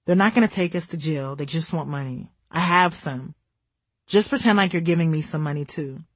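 A woman reading as a calm young man in an audiobook, low-key and reassuring. Her husky voice stays close to her own, recorded dry and close. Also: normal speed, no echo.

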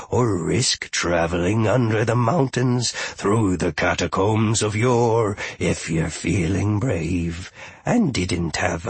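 A man doing a slow, low old goblin trader. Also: slightly rough, no echo, exaggerated voice. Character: wizened old male goblin trader, sly.

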